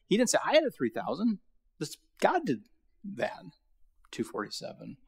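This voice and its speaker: A man's voice: sits high, wildly swooping pitch, moderate pace, creaky, slightly rough. A middle-aged man giving a Bible lecture to a college audience, talking in a casual, storytelling way with many fillers. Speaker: guest lecturer.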